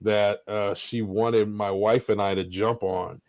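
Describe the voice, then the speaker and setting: A middle-aged man co-hosting a podcast, telling a story in a casual, lively way and acting out what people said. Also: fairly low pitch, slow pace, no echo. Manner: lively, animated storyteller who acts out quotes. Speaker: podcast co-host. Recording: slightly dull lo-fi audio, dry.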